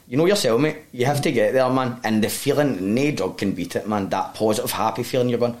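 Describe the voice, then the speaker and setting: This is a man with a thick Glaswegian accent and a voice that sits on the low side. He talks in a raw, sweary, heartfelt way, circling back and rambling as he tells his story. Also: a little fast. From Glasgow, Scotland. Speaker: guest. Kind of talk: candid personal storytelling.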